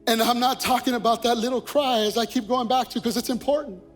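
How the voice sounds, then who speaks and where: A male pastor delivers a sermon in a strikingly high voice, driving his points home through repetition. He speaks in a church whose long reverb trails after each phrase, with faint music underneath. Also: steady tone, quick pace. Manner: preaching with rising intensity, repeating phrases. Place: church sanctuary.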